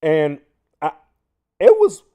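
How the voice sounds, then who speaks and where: Lively, mellow-voiced man hosting a livestream. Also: fairly high pitch, slow. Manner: animated, frequent restarts, addresses viewers as y'all. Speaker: livestream host. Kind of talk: casual commentary livestream.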